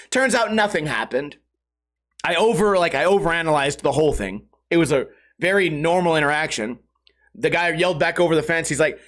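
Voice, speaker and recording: A man with a high-pitched voice hosts a solo podcast and tells a rambling, profane story about his own night. He mocks himself as he goes. When he acts out other people, his voice jumps up sharply. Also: a little fast, a bit bright. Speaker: podcast host. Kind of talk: casual storytelling monologue.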